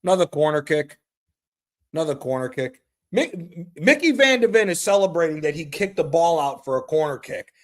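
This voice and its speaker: A man streaming a live reaction to a football match, excitable and profane, trash-talking the players. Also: on the high side, moderate pace. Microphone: streaming mic.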